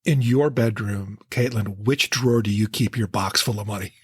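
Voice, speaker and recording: A man co-hosting a casual book-club podcast, speaking in a relaxed way with wry, dry-humored asides. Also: lowish voice, normal speed, breathy edge. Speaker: podcast co-host.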